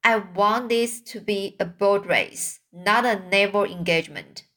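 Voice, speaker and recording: A grown man who owns a toy schooner, proud and fussy, grumbling about a rival boat. He speaks slowly and deliberately , as a woman reading a storybook voices him. His pitch sits in a middle range. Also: fairly bright tone, natural voice. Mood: hearty.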